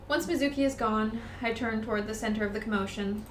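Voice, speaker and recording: A woman co-hosting a let's-play, reading the game's narration aloud and breaking into excited chatter. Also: fairly high pitch, fast, recorded from a distance. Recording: roomy echo, off-mic, faint noise.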